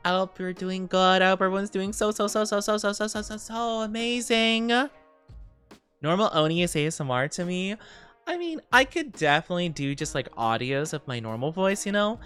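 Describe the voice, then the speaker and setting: A young adult woman streaming live, chatting casually and greeting viewers by name, a little tired and quick to giggle. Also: lowish voice, lively intonation, fairly bright tone, clean tone, soft background music. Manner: chatty, reads viewer comments aloud and greets them, giggly.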